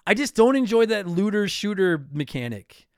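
A man's voice: high-pitched, sing-song, moderate pace, smooth, no echo, studio quality. A man from Canada hosting a podcast and answering listener mail, rambling and apologizing as he cuts himself off mid-sentence. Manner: rambling, self-interrupting, apologetic. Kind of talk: casual podcast chat.

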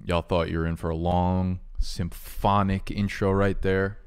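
A man's voice: low-pitched, flat delivery, unhurried, smooth. A young man hosting a fantasy football channel, talking in a brash, joking, profane way. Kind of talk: casual loud vlog talk.

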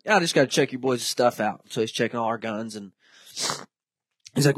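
A man's voice: mid-range voice, brisk, dry recording. A young man tells his stories with energy, jumping into the voices of the people in them. His voice sits in an ordinary middle range. The sound is dry and close to the mic. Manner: animated storyteller, acts out quoted voices. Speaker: podcast host. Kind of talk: casual storytelling chat.

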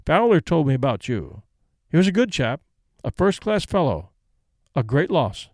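This is a breezy young airman in a storybook reading, polite and clipped with a hearty edge, done by a male narrator. His voice sits a little high, and the recording is dry and close. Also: very animated, moderate pace, no room sound.

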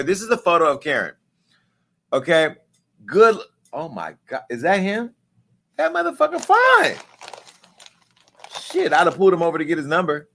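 Male vlog host, joking gossip commentary, salty and lively, slightly high voice. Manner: animated, profane, joking.

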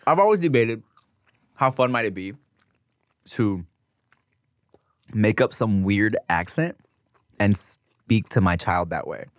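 A man's voice: lowish voice, takes it slowly, long pauses, no echo, studio quality. A man in his thirties, a podcast co-host, telling stories in casual chat, swearing and acting out voices as he goes. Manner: animated storyteller, swearing, acts out voices.

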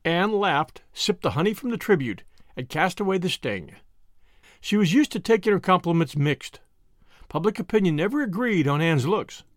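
Male audiobook narrator, high and animated, dry booth-like read. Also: normal speed, no room sound. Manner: expressive storytelling. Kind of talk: scripted narration.

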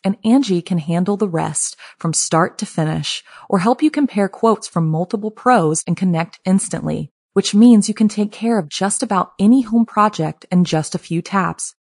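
A woman at a middle pitch reads a commercial in an upbeat promotional tone. Her voice is recorded dry and close, with no room around it. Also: darkish tone, no echo. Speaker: ad reader. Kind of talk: scripted advertisement read.

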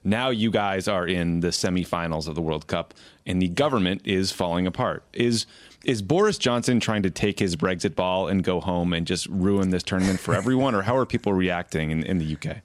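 A man's voice: deep voice, brisk, dry recording. A man hosting a podcast, asking easygoing, wry questions in casual interview talk. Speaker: podcast host.

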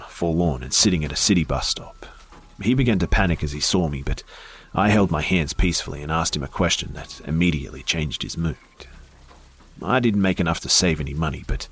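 Deep, husky male horror narrator. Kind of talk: first-person horror story narration.

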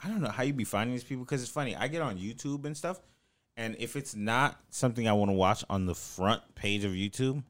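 A man's voice: mid-range voice, a little fast, no echo. A man co-hosting a podcast, chatting casually with slangy quips. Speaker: podcast co-host. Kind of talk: casual chat.

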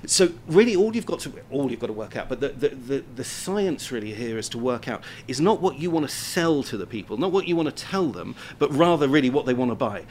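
A man speaks with earnest focus as an interview guest. He often restarts and repeats words while he works out his point. A faint rumble sits underneath the recording. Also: expressive, brisk, hardly any pauses, darkish tone. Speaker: guest expert on influence and military operations. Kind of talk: interview answers.

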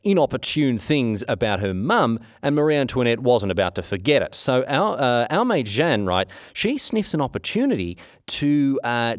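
A man's voice: medium pitch, dry recording, clean studio sound. A man retelling history as a chatty, slangy story, full of asides and filler words. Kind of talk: casual storytelling.

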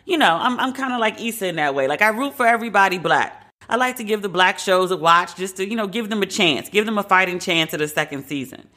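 A woman's voice: mid-range voice, animated, fast, bright, forceful tone. A woman hosting a podcast, giving her frank opinions in a casual, conversational way. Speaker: podcast host.

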